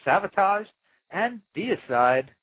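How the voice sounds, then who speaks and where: A man's voice: sits high, sing-song, slow, narrow, tinny audio, heavy background noise. A man hosting his own interview podcast, talking in a playful, chatty way with mock-dramatic asides. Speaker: podcast host. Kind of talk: chatty interview-show host intro. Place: small home studio, Florida.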